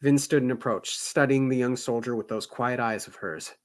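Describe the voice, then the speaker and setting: A man's voice: medium pitch, moderate pace. Man reading a novel aloud. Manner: expressive reading, animated reactions. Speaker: podcast co-host reading aloud.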